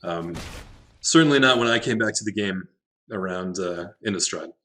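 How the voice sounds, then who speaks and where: A man giving casual commentary on his own card game, thinking out loud, laughing often and swearing now and then. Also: sits low, moderate pace, a little hiss or hum. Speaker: Magic Arena drafter, channel host.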